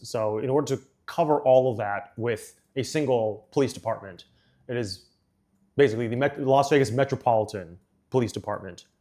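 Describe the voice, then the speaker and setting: A man's voice: medium pitch, darkish tone. Chatty streamer man, rambling. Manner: rambling, with frequent fillers and laughs. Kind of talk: casual chat while building a model set.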